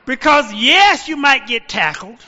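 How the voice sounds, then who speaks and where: A man in his sixties preaching a sermon as a pastor, telling stories and shouting out quoted lines. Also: extremely high pitch, big pitch swings, measured pace, big-room sound, lo-fi sound. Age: 60s.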